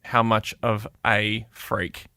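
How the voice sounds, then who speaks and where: A man co-hosting a podcast, teasing and quick with jokes. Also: fairly low pitch, completely flat delivery, pushed and bright, no room sound, studio quality. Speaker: podcast co-host. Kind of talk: casual podcast chat.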